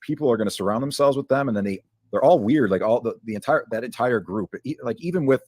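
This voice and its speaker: A man in a casual stream chat, rambling quickly with many restarts. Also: mid-range voice, lively intonation, darkish tone, no echo.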